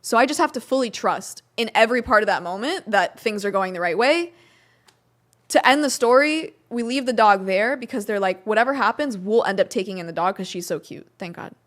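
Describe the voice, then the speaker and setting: A young woman guesting on a podcast tells a story in a casual interview, acting out quotes and using lots of "like" fillers. Her voice is medium-pitched and brisk, with lively intonation.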